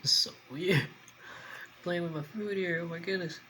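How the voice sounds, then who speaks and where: Young man, eating on camera, rambling casual chat, bright voice, faint background hum. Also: sits high, normal speed, low-quality recording. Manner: rambling, chuckling, talks with food in his mouth. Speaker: mukbang vlogger.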